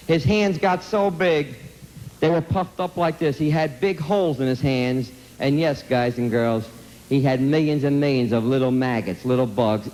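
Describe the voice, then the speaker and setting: A man's voice: a little high, a little mellow, rough recording. Emphatic man lecturing a student audience. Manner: emphatic and repetitive, asks the audience direct questions; streetwise blunt phrasing. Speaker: speaker addressing students. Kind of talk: emphatic anti-drug talk to a school audience.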